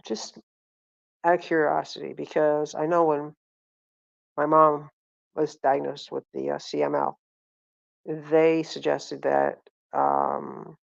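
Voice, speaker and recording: Middle-aged woman vlogger, deep and gravelly, rambling and self-correcting, muffled lo-fi recording. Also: dry recording. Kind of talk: casual storytelling.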